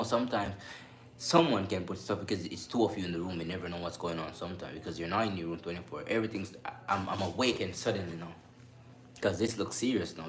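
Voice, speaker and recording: Deep-voiced man telling a story. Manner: animated, acts out voices and sounds in his story. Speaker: cruise ship crew member vlogger. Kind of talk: casual storytelling to camera. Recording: echoey room with faint background noise.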